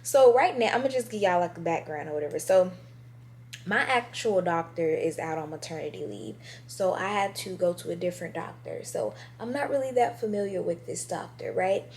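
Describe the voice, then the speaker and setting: A woman's voice: on the low side, lively intonation, a little fast, a little mellow, a little hiss or hum. A pregnant woman in her twenties chatting casually to her viewers at home, speaking straight to camera. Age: 20s. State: heavily pregnant. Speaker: vlogger. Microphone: on-camera mic.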